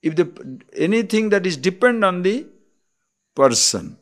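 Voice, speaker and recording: A high-pitched, sing-song voice belongs to a swami with an Indian accent. He is giving a scripture-based spiritual discourse, explaining things deliberately and checking in with rhetorical questions.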